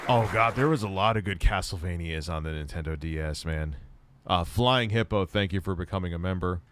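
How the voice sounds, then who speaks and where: A man's voice: low-pitched, fairly quick, fairly bright tone, slight background noise. A middle-aged man live streaming, rambling casually and swearing while he reads chat and shops online.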